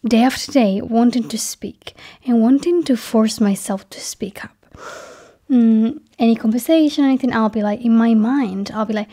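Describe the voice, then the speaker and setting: A woman talking to her viewers in a personal monologue. She speaks softly, often slipping into a breathy half-whisper, and lays slow, deliberate stress on key words. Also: a little high. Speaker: vlogger.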